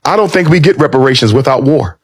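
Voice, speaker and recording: A man's voice: mid-range voice, lively intonation, quick pace, slightly rough. Man giving emphatic political commentary. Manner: emphatic, repeating phrases.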